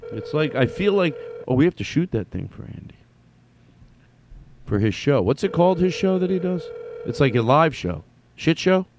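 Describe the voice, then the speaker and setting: A man's voice: fairly high pitch, big pitch swings, moderate pace, background noise. A man hosting his podcast, telling stories in a stammering, self-deprecating way. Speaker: podcast host. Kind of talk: rambling comedic monologue.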